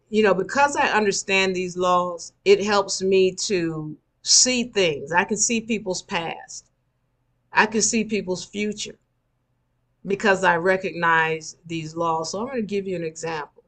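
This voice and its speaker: A woman's voice: lowish voice, a bit bright. A woman giving a live spiritual lecture, emphatic and repeating her key points for the listeners. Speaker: spiritual teacher.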